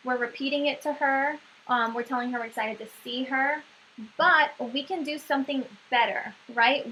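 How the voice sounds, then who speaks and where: A woman's voice: sits high, sharp tone, a little hiss or hum, low-quality recording. A woman giving a staff sales training talk, coaching and often checking in with "right?".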